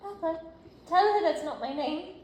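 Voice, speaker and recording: A woman's voice: very high-pitched, normal speed. A woman reading the part of a grieving young girl, earnest and pleading, at a script read-through. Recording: roomy echo with loud noise.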